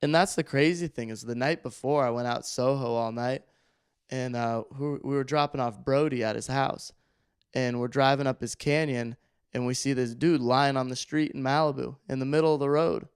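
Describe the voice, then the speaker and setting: Smooth-voiced man telling a wild story. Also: medium pitch, moderate pace, dry recording, clean studio sound. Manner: animated, rambling, heavy use of filler words. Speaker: podcast guest. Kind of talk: casual storytelling.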